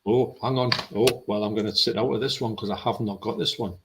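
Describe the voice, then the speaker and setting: A man with a low voice, co-hosting a casual film chat live stream and reading out viewer comments. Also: fairly even intonation, brisk, fairly bright tone, slight background noise. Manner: chatty, reads out viewer comments.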